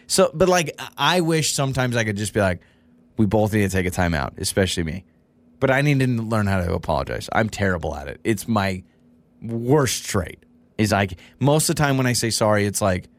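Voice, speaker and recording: A man's voice: on the low side, no room sound. A man co-hosting a podcast with his wife, talking casually and self-deprecatingly, often restarting his sentences. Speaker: podcast co-host. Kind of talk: casual couple chat.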